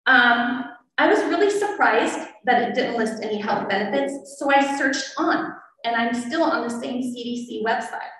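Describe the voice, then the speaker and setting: A woman's voice: on the high side, normal speed. A woman, a parent, making a public comment at a school board meeting, earnest and getting emotional. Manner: earnest, growing emotional and forceful. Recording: echoey hall, distant mic.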